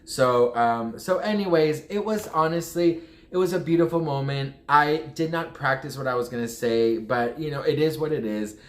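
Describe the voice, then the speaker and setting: A man's voice: fairly high pitch, normal speed. A man telling a personal story to camera in a casual vlog, rambling and heartfelt, often restarting his sentences. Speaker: vlogger. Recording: echoey room.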